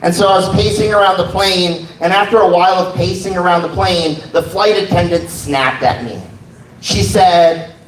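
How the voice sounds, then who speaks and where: A man's voice: high-pitched, a little fast, few pauses, slight background noise. A man telling personal stories in a stand-up set, wry and laid-back. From United States. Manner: wry, laid-back storytelling with quoted asides. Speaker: stand-up comedian. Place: comedy club stage. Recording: roomy live sound from a distance.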